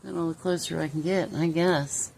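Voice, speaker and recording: A woman's voice: low-pitched, steady tone, moderate pace, creaky, a little mellow, slight background noise. A woman at home talking to her pet parrot in affectionate, coaxing baby talk, often chuckling as she speaks. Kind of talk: casual chat to a pet. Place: indoors at home.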